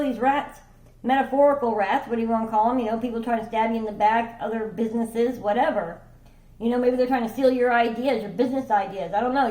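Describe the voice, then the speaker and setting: A woman's voice: a little high, dark tone, roomy sound, poor audio. A woman giving a casual tarot reading, rambling and chatty, checking in with her listener and swearing offhandedly. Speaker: tarot reader.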